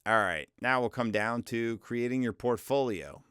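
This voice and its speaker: A man's voice: medium pitch, normal speed, fairly bright tone, smooth, no echo, studio quality. Forty-something man, voice prone to cracking. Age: 40s. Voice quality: voice often cracks. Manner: chatty, self-deprecating, loose. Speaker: voiceover coach. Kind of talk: casual instructional talk.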